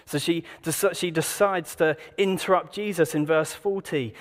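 A man's voice: on the high side, steady tone, moderate pace, few pauses, long reverb tail. A man preaching an evening sermon in a casual, conversational way, full of rhetorical questions to the congregation.

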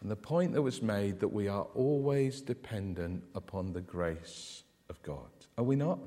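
Lively preacher in reverberant church. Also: male voice, on the low side, unhurried. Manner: animated, asks the congregation questions. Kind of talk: sermon.

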